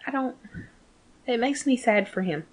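A woman's voice: fairly high pitch, normal speed. A woman in casual chat, recapping a TV show with lots of swearing and acted-out lines. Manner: animated, swears freely, acts out characters. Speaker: podcast co-host.

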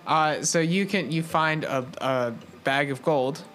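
A young man in casual play, narrating a tabletop game as game master, animated and laughing often. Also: fairly high pitch, a little slow, soft background music.

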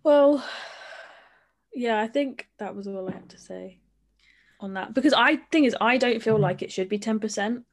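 A young woman, co-hosting a podcast, talking in a halting way with many restarts and fillers. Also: a little high. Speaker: podcast co-host. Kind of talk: casual chat.

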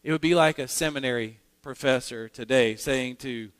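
A man's voice: medium pitch, moderate pace, smooth. A male pastor preaching a sermon, earnest and emphatic, often restarting his phrases. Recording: long hall reverb in a sanctuary.

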